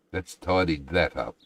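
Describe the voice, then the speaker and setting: A man's voice: deep voice, gravelly, slightly rough, dry recording, low-quality recording. A man with an Australian accent chatting casually while live-streaming a game, rambling and self-deprecating.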